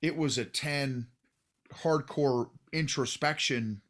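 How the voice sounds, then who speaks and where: A man's voice: medium pitch, slow pace, a bit bright. Earnest man who often restarts his words. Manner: earnest, with frequent restarts and stammers. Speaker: podcast host. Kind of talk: casual podcast conversation.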